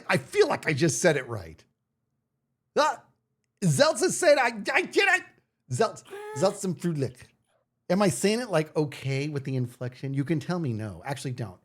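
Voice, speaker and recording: Male streamer, casual live chat, lively bouncing pitch, slightly high voice, joking and self-mocking. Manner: playful, animated, self-mocking.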